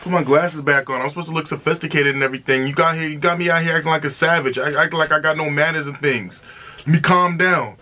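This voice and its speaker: Hosting a music reaction video, a man chats in an excited, casual way, repeating himself a lot and letting out exclamations. He speaks at a quick pace in a slightly high voice.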